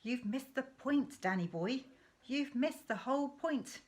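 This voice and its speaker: A woman's voice: sits high, lively intonation, a little slow, darkish tone, voice pushed up. A woman reading aloud as a mischievous, conspiratorial middle-aged father in a storybook, with a relishing, confiding tone. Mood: fond. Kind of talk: read-aloud storybook dialogue.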